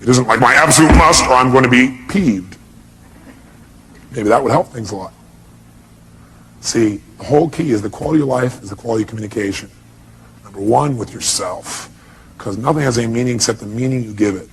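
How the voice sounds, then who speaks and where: A man's voice: on the low side, quick pace, darkish tone, slight background noise. A man giving a motivational speech to a live audience, emphatic and blunt, constantly firing rhetorical questions. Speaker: motivational speaker.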